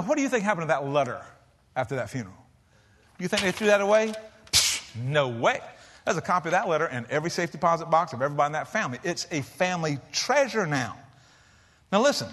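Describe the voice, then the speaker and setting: A middle-aged pastor with a voice that sits high preaches to a large church in a folksy, lively way, swinging between loud emphasis and soft, hushed lines.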